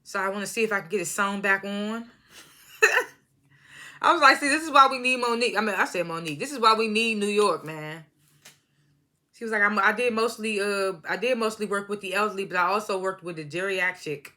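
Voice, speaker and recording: Bright, laughing woman recapping reality TV. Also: medium pitch, a little fast. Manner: laughs often while retelling scenes; loose slangy storytelling, acts out quotes. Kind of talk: casual episode recap.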